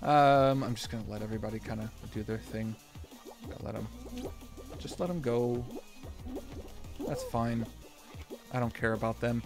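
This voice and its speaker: A man streaming a game, rambling with lots of fillers and restarts, then bursting into shouts and laughs. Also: medium pitch, animated, measured pace, pauses often, soft background music. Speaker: gaming streamer. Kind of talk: live gameplay commentary.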